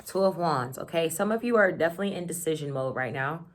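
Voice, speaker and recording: A woman reads tarot for her viewers in a chatty, excitable, slang-heavy way. Her voice sits low for a woman, and she keeps up an easy, casual patter. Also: fast, slight background noise. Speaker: tarot reader. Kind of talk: casual tarot reading to camera.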